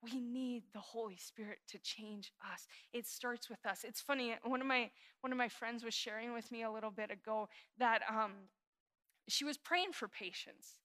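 A woman's voice: fairly high pitch, normal speed. Earnest woman pastor preaching a sermon. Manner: earnest, confessional, shifting from hushed prayer to animated emphasis.

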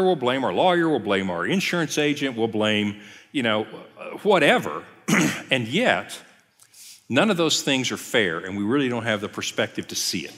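Lively pastor man in a reverberant hall. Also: mid-range voice. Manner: lively, acts out quoted voices. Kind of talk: conversational sermon. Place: church sanctuary. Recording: long church hall reverb.

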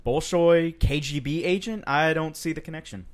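A man's voice: on the high side, moderate pace. A man co-hosting a podcast in casual chat, wry and asking skeptical questions. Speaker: podcast co-host.

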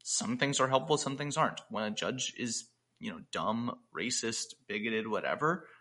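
A man who co-hosts a podcast and also coaches speaks in a mid-range voice at normal speed, his tone bright and forceful. His casual podcast chat is loose and rambling, with many restarts.

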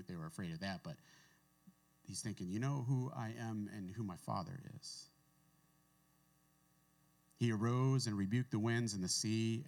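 A man preaching a relaxed, conversational sermon, reading scripture and adding his own asides. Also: on the low side. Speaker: pastor. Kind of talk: casual sermon.

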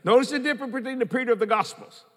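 A man's voice: extremely high pitch, very fast, big-room sound. A man preaching a sermon as pastor, quoting scripture and repeating key lines for emphasis.

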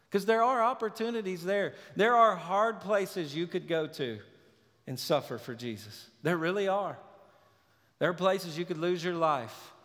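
Male pastor, higher voice, earnest sermon delivery, long reverb of a church hall. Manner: earnest preaching, swinging from loud urgency to hushed tenderness.

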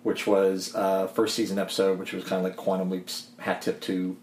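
A man's voice: low-pitched, completely flat delivery, normal speed, a little mellow, a little hiss or hum. A man co-hosting a podcast, chatting in an easygoing way with frequent agreeing fillers. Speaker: podcast co-host. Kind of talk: casual chat. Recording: roomy echo.

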